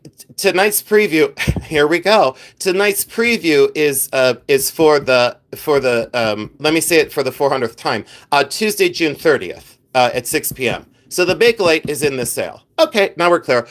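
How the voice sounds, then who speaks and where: This man's voice sits a little high, animated and at a moderate pace, as he runs a casual live sale of vintage jewelry. Responding to viewers by name, he rambles along, mocking himself and breaking into playful laughs.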